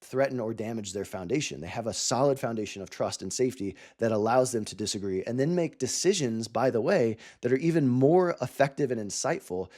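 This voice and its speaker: A man's voice: mid-range voice, lively intonation, brisk, few pauses, a little mellow. A man giving a coaching talk to founders, earnest and explaining step by step with examples. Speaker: cofounder coach.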